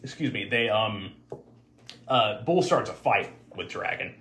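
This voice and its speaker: A man's voice: fairly low pitch, expressive, unhurried, pushed and bright, a little hiss or hum. A man hosting a podcast, casually recapping a film with lots of fillers and restarts. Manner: rambling, many fillers and restarts. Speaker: podcast host. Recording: roomy echo.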